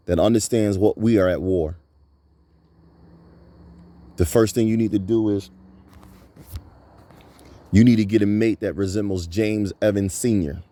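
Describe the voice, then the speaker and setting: Man, 30s, low and warm-toned; emphatic, repetitive preaching monologue. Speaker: channel host.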